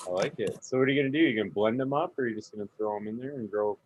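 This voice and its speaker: A man's voice: fairly low pitch, very fast, lo-fi sound. A man joking and teasing others in a casual chat. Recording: noisy background.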